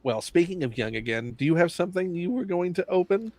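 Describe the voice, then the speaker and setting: A man's voice: sits high, animated, fast talker, a little mellow. A man hosting a live chat, prompting his guest in an easygoing, conversational way. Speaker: host.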